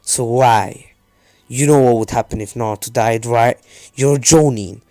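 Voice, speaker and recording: A man's voice: lowish voice, flat delivery, moderate pace, darkish tone, dry recording, natural voice. A man voicing a stern elderly village leader who scolds harshly. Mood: furious. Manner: angry, scolding.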